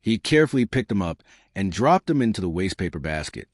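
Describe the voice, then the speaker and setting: Male narrator, low, expressive pitch, dry close read. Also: fast talker, no echo. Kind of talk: audiobook narration.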